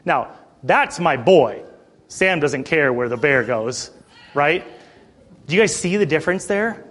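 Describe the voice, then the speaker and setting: A man's voice: a little high, measured pace, breathy edge. A man in his thirties, a pastor preaching a sermon, telling a story to the congregation and getting fired up. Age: 30s. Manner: animated, fired up, talks straight to the congregation.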